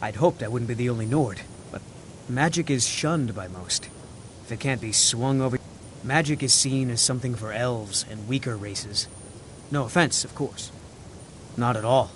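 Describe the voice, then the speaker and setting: A man plays an earnest young student mage from a fantasy game, talking openly in an ordinary middle-pitched voice. A faint noise sits behind the game audio. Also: normal speed, a bit bright, natural voice. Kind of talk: video game voice acting.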